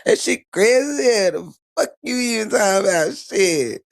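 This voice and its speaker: A man hosting a livestream, ranting loudly and profanely, taunting someone and repeating "you heard me". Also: high voice, expressive, normal speed, gravelly, no echo, clean studio sound. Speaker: livestream host.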